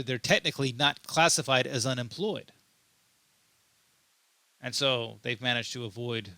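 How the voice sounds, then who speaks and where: A man delivering an unscripted commentary monologue, pressing his points with emphasis and stumbling over repeated words as he goes. His voice is strongly bright and forward, and the recording is very dry and close. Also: medium pitch, no room sound. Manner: repeats himself and restarts often, emphatic. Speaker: political commentary host.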